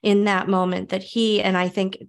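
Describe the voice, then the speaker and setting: A woman hosts a conversational podcast in a calm, reflective manner. She speaks at an ordinary mid-range pitch and often repeats key phrases for emphasis. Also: normal speed, creaky. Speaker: podcast host.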